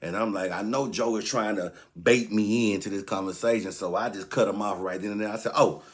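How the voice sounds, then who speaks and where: Animated man telling a funny story. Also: brisk. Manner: animated, jumps into higher voices when quoting others. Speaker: comedic storyteller. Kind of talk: casual comedic storytelling.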